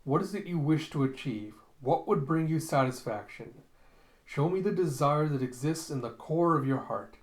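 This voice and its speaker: A man voicing a theatrical, gloating male mad scientist who makes grand pronouncements in a raised, louder voice, recorded in a roomy space. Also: a little high, lively intonation, moderate pace, natural voice. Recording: roomy echo.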